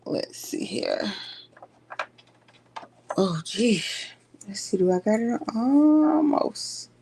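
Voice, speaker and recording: Slow-talking woman chatting through a sewing project. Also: mid-range voice, creaky, a little mellow, slight background noise. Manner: chatty, talks to viewers while working. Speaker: sewing vlogger. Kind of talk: casual sewing tutorial.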